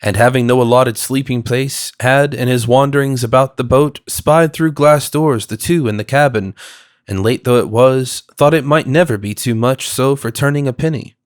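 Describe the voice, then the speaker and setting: A man narrating a classic audiobook in a measured, steady manner. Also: mid-range voice, no echo, clean studio sound. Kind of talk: scripted narration.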